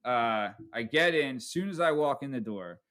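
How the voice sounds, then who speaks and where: A man's voice: mid-range voice, animated, moderate pace, a bit bright. A man hosting a podcast, telling a story casually and profanely, tagging lines with "right?". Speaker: podcast host.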